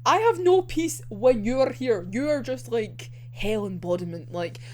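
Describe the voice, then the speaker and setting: A woman's voice: a little high, lively intonation, measured pace, darkish tone. A woman voicing a despairing young male soldier and poet, speaking in a weary, pleading way.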